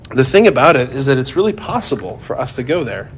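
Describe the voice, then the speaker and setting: A man preaching a sermon in a conversational way, often saying "like" and "right?", moving from joking asides to hushed, grave emphasis. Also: medium pitch, sing-song, fast, few pauses, slight background noise.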